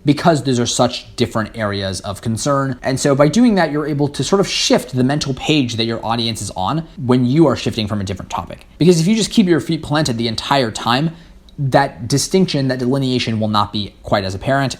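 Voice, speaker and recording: A teenage boy, a high school debate captain, explaining public speaking tips in an articulate, structured way. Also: expressive, a little fast. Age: teens. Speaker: guest student speaker.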